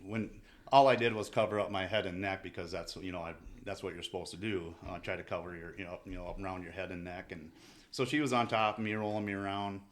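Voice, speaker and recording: A man with a very low voice tells a story from the field as a podcast guest. He talks in a relaxed, halting way and often restarts his sentences. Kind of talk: casual storytelling.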